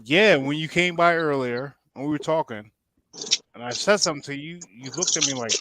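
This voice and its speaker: A man's voice: fairly high pitch, normal speed, sharp tone. A man giving laid-back advice in casual podcast banter. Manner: laid-back, lecturing in fun.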